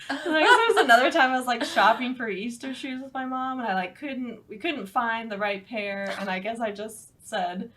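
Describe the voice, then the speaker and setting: A woman's voice: fairly high pitch, moderate pace, a bit bright. Giggly woman podcast co-host. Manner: giggly, rambling. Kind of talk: casual chat.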